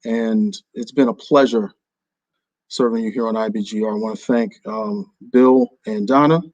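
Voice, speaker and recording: A man's voice: on the low side, fairly even intonation, normal speed, darkish tone, dry recording, dull audio. Playful male radio host, dry sound. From New Jersey, USA. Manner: playful and theatrical, jokingly overdramatic. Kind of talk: casual radio talk.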